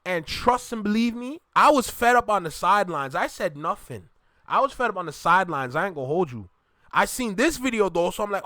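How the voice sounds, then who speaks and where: Jamaican man, reaction vlog host, animated and chatty, dry close sound. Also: sits high, fairly quick, dry recording. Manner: animated, repeats himself, talks to viewers directly. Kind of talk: casual reaction commentary.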